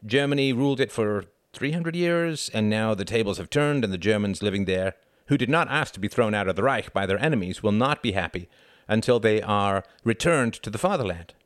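A man's voice: lowish voice, animated, fairly quick, dry recording, clean studio sound, lightly acted. A man reading an audiobook, voicing a worldly father who lectures his sons on politics in a pompous, instructive way. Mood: lecturing. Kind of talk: audiobook character voice.

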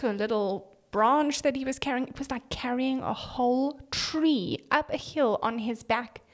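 A young woman hosting an upbeat children's devotional podcast, bubbly and chatty as she calls out to young listeners. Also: sits high. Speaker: children's pastor.

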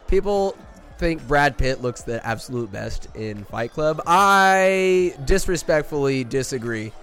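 A man's voice: medium pitch, a bit bright. A young man hosting a podcast, rambling enthusiastically through a comedic movie recap with crude jokes. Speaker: podcast host.

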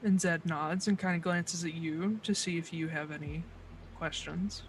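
A game master narrating a tabletop session in a relaxed, filler-heavy way. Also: mid-range voice, moderate pace, slight background noise.

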